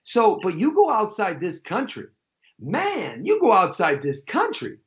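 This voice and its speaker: A man hosting a live talk show, rambling through a jokey monologue with sudden loud outbursts. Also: sits high, huge pitch swings, a little slow, dull audio.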